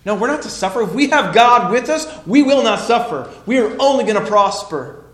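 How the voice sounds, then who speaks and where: A man's voice: extremely high pitch, animated, fairly bright tone, echoey room, pitched above the performer's own voice. A man voicing an agitated adult male disciple who protests and pleads insistently. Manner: pleading, protesting, rapid-fire objections.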